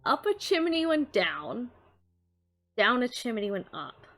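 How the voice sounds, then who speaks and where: A woman's voice: on the high side, sing-song, a little slow, fairly bright tone. A woman streamer chatting casually on a live stream, working through riddles. She laughs often, swears in surprise and mutters the clues to herself. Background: faint background music.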